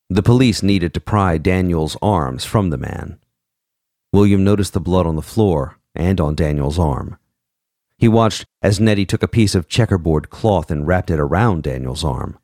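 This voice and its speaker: A man narrates a story in a deep, low voice with a lot of movement in the pitch. He reads at a measured, expressive pace and voices each character in turn. The recording is dry and close. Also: no room sound. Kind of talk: audiobook narration.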